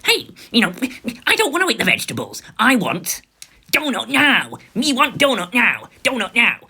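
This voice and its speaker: A man's voice: extremely high pitch, wildly swooping pitch, normal speed, pushed and bright, slightly rough, voice pushed up, exaggerated voice. A man doing a whiny tantrum-throwing little girl. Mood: whining tantrum. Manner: whining, demanding, babyish.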